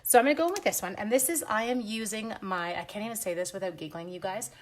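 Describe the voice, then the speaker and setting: A woman runs a casual live stamping demo from her craft room at home. She is chatty and self-teasing, giggles at her own slips, and keeps greeting viewers by name. Her voice sits at an ordinary middle pitch for a woman. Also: fast, a little hiss or hum. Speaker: stamping demonstrator hosting a live stream.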